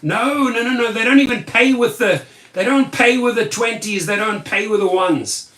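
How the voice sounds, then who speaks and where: A man's voice: very high voice, moderate pace, fairly bright tone, far from the mic. A tired man who drives for rideshare, ranting angrily and sarcastically in a vlog, often repeating himself. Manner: angry, sarcastic, repetitive. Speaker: rideshare driver and video host. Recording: echoey room, off-mic.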